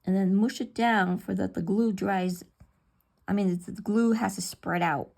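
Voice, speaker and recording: Casting note: middle-aged woman, crafting at home, mutters to herself, husky with some vocal fry. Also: mid-range voice, fairly even intonation, moderate pace, darkish tone. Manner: muttering to herself, chatty asides. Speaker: paper crafter. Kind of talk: casual talk while crafting.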